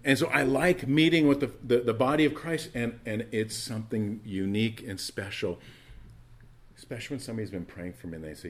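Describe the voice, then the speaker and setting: There's slight background noise as a low-voiced man preaches briskly from the pulpit. His pastoral tone is earnest and conversational, though he stumbles over restarts and veers between loud emphasis and quiet asides.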